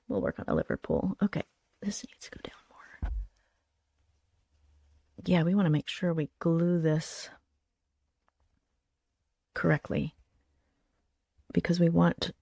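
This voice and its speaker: Woman, low-ish voice, casual craft-stream host, rambling and thinking aloud, dry sound. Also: creaky, warm tone, no echo. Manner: chatty, thinking aloud, trailing into murmurs. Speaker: puppet builder and show host. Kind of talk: craft livestream demonstration.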